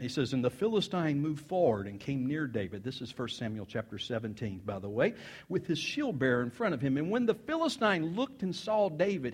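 A man preaching a sermon, retelling a story with folksy asides and acting out the characters' voices. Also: high-pitched. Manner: animated, acts out characters' voices.

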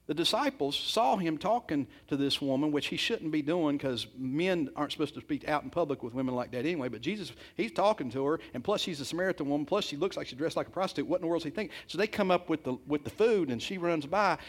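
A man's voice: on the high side, lively intonation, fast. A man preaching a sermon, retelling a scripture story in casual everyday speech and breaking into acted quotes. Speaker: pastor.

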